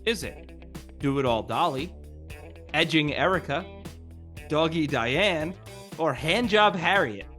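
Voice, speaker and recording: Upbeat male podcast co-host, bright tone, animated delivery, jokey quizmaster. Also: fairly high pitch, slow pace, pauses often, faint music behind. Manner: joking, animated, runs quiz questions. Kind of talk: casual chat.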